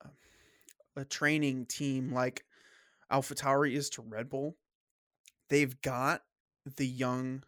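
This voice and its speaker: A man's voice: medium pitch, level tone, a bit bright, no room sound, studio quality. Opinionated man hosting a sports talk. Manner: opinionated, halting with restarts. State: coughing, clearing throat. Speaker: podcast host. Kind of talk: casual sports chat.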